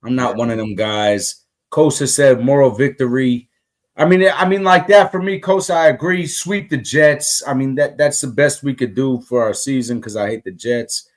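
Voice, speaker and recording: A man's voice: mid-range voice, moderate pace. A man co-hosting a casual sports talk podcast, ranting heatedly and repeating himself with many restarts. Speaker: podcast co-host.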